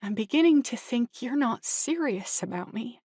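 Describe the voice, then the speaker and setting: A woman's voice: a little high, unhurried, dry recording, clean studio sound. A woman voicing a stubborn young college woman who pleads in a raised, urgent voice. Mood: pleading.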